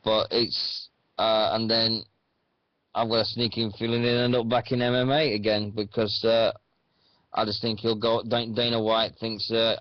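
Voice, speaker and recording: A man's voice: on the low side, little pitch movement, moderate pace, no room sound. A man hosting a radio show, chatting casually about wrestling in a rambling, hesitant way. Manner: rambling, hesitant with many fillers. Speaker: radio host. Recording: dull dry sound.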